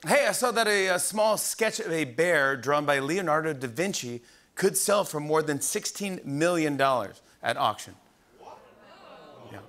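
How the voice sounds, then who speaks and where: A man's voice: a little high, animated, a little slow, a little hiss or hum. A man in his forties hosting a late-night comedy monologue, giggling at his own jokes. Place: TV studio with live audience. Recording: broadcast with loud audience laughter.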